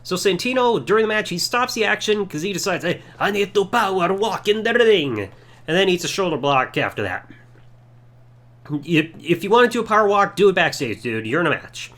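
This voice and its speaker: A man with a high, lively voice that swings up and down as he talks. He runs through a wrestling show in a casual, sarcastic way and scoffs at whatever he dislikes. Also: fairly quick. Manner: sarcastic, mocking, does silly impressions. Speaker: podcast host reviewing wrestling. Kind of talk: casual solo review.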